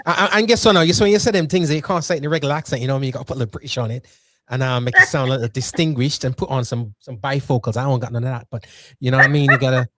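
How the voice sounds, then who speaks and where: A man hosts a podcast interview in a dry, close-miked sound. He speaks at a mid-range pitch, animated and chatty, and often breaks into playful asides. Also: very fast, no echo. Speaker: podcast host. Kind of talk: conversational interview.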